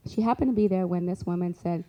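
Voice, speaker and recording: A woman telling a long story as a guest speaker, animated, acting out both sides of conversations and adding lively asides. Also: lowish voice, quick pace, muffled recording. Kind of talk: storytelling on stage.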